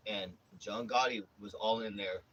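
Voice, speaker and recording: Guy streaming and rambling to chat, cussing, stumbling over his words, quiet hum behind him. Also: on the low side, steady tone, a little slow, lo-fi sound. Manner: rambling, profane, restarts often. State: says he has a headache. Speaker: livestreamer. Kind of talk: casual livestream storytelling.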